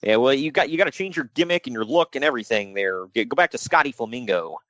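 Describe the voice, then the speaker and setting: A medium-pitched man talks fast over a dry, lo-fi recording. As co-host of a casual wrestling podcast, he clowns around with animated energy and slips into mock voices.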